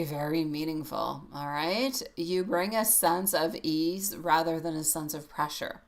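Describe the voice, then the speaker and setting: A woman's voice: fairly low pitch, fairly bright tone. A woman reading tarot on a live stream, chatty and affectionate, laughing often and calling viewers sweetie pie. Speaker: tarot reader.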